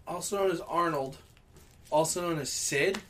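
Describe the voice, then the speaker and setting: A man's voice: fairly high pitch, normal speed, a bit bright, a little hiss or hum. A man co-hosting a comedy podcast, reacting with profane, incredulous outbursts in casual chat. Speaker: podcast co-host.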